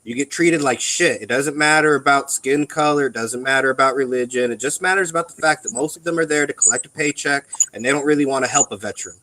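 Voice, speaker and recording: A man's voice: mid-range voice, fast talker, hardly any pauses, sharp tone, rough recording. A man in casual chat about being a veteran, talking bluntly with plenty of ums and curses. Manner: rambling, blunt and profane, with many ums. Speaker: veteran on a live radio chat.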